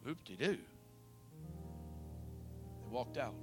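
A man's voice: mid-range voice, expressive, takes it slowly, music in the background. A man preaching a sermon, retelling a story dramatically and questioning his listeners directly.

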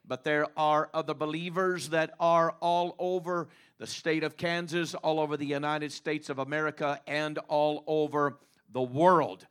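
Male pastor, a touch high, preaching in a halting style full of repeats and fillers. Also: flat delivery, a bit bright, clean tone. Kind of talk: sermon.

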